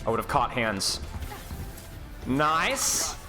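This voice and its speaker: A man's voice: mid-range voice, expressive, very slow, over music. A man coaching players on a live stream, rambling and sarcastic as he rates game clips and keeps interrupting himself. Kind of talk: live-stream clip review.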